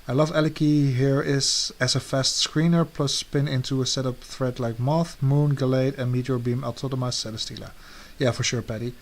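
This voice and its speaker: A man's voice: medium pitch, moderate pace. Easygoing young-sounding man chatting. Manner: relaxed, trails off with soft endings. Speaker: co-host ranking draft teams. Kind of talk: casual podcast chat.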